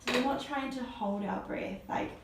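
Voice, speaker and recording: A woman plays the role of a voice therapist, guiding a client step by step through breathing and vocal exercises and encouraging every attempt with praise. Her voice is fairly high and her pace normal, recorded from a distance in an echoey room with background noise.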